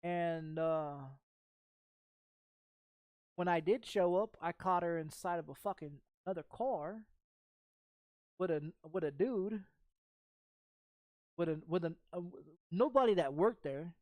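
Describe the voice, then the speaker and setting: A man's voice: high-pitched, slow pace, pauses often, a little mellow, no echo. A man telling a personal story in casual chat while streaming a game, profane and rambling with frequent repeats.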